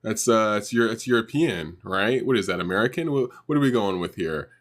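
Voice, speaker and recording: A man's voice: lowish voice, animated, fairly quick, fairly bright tone. Pushy, stammering male streamer. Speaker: live streamer. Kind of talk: casual live stream chat.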